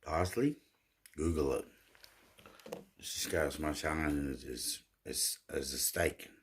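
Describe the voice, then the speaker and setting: A man's voice: very deep voice, a little slow, husky. A man, rambling and telling jokes in a laid-back way, often repeating his words. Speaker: vlogger. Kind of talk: rambling casual storytelling.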